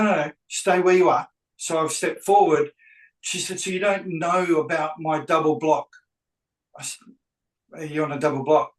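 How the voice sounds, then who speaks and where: Male agent, slightly high voice, animated anecdote, acts out dialogue; roomy, off-mic sound. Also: far from the mic. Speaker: real estate agent telling a story. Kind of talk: anecdotal storytelling.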